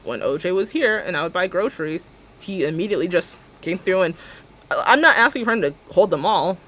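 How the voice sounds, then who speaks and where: Animated, chatty woman streamer. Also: on the low side, fast. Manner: animated storyteller who acts out both sides of conversations; chatty and rambling, with frequent fillers and self-corrections. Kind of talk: casual chat while livestreaming a game.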